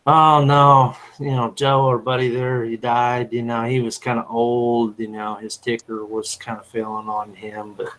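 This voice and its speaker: A man tells a drawn-out story at an easy, meandering pace. His voice sits in an ordinary middle pitch, and he keeps stopping to drop in "you know" before pushing on. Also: flat delivery, fairly bright tone, rough recording. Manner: rambling, fills with "you know". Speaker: panel guest. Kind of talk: casual storytelling.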